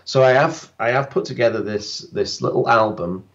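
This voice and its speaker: A man's voice: medium pitch, moderate pace, fairly bright tone, highs cut off. A man, a guest landscape photographer, bantering with dry, self-mocking humor on a live stream.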